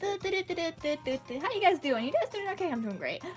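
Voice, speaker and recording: A woman's voice: very high voice, lively intonation, a little slow, faint music behind. Chatty young woman streamer. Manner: chatty, rambling, apologetic. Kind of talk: casual game livestream chat.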